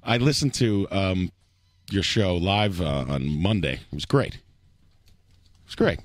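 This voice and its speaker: A man's voice: sits low, measured pace, slight background noise. Guy hosting a chatty show, bouncy up and down voice, keeps laughing. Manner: laughs often, rambling and animated. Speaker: podcast host. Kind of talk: casual chat.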